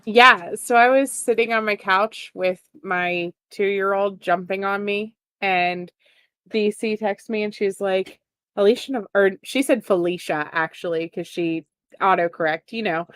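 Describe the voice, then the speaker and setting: A woman's voice: medium pitch, measured pace, a bit bright, smooth, no room sound. Woman, guest on livestream, playful, teasing, dry close sound. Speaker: guest co-host. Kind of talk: casual livestream chat.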